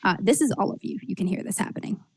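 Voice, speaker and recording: A woman's voice: mid-range voice, fast, slightly rough, no room sound. Woman game master narrating, dry close sound. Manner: descriptive, hesitant with fillers.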